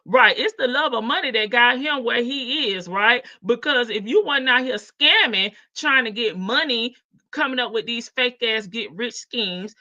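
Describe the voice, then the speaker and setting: A woman's voice: a little high, pushed and bright, no echo. A woman hosting a casual livestream, reading chat comments aloud in a sassy, teasing way and laughing often. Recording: dull lo-fi stream audio.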